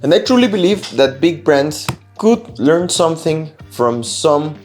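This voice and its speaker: A man's voice: fairly high pitch, sing-song, a little slow, a little mellow, soft background music. A man whose first language is Spanish, reviewing watches in a casual vlog and giving his opinions in an earnest, explaining way with small restarts.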